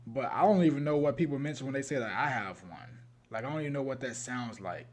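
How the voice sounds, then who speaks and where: A man's voice: mid-range voice, quick pace. Rambling chicago guy chatting. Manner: rambling, laughing, many restarts. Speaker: podcast co-host. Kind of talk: casual chat.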